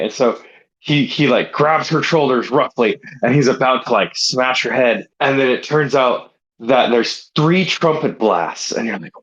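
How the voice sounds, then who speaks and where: A man's voice: mid-range voice, a little slow, a bit bright. Rambling man telling a story, dull lo-fi sound. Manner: rambling, filler-heavy telling with many "like"s. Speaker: podcast co-host. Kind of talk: casual comedic storytelling.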